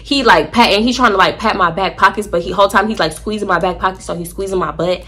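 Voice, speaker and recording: A woman telling a story in a casual vlog, animated, slangy and profane. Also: mid-range voice, quick pace.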